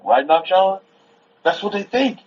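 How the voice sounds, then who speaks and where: Animated high-voiced man preaching casually. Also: measured pace. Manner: rambling, repetitive, conversational, stops to soothe a toddler. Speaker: teacher at a Sabbath gathering. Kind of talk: informal sermon. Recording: dull lo-fi recording.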